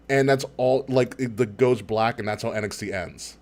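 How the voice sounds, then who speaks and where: A man co-hosting a podcast in casual chat, telling stories with excitement, swearing and laughing often. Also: medium pitch, normal speed. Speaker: podcast co-host.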